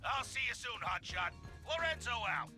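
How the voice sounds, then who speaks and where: A brash, folksy mine foreman from a video game, with a very high, lively voice that bounces all over the place. He fires off colorful slang in a drawl, with game music sounding clearly behind him. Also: normal speed, full character voice. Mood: advising. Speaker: game character.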